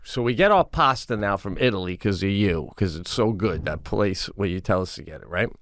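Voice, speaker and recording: Animated swearing man telling a story. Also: sits low, brisk. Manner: animated, swearing, acts out others in raised voices. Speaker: podcast co-host. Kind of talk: casual storytelling chat. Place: home studio.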